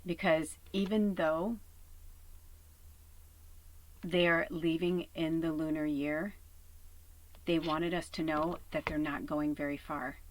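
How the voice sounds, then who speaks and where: A woman giving a casual spiritual reading from a tiny home RV, chatty and earnest, swearing casually and sometimes dropping to a soft whisper. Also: sits low, steady tone, slow pace, long pauses, a little hiss or hum, rough recording. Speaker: spiritual reader. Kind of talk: casual collective tarot reading.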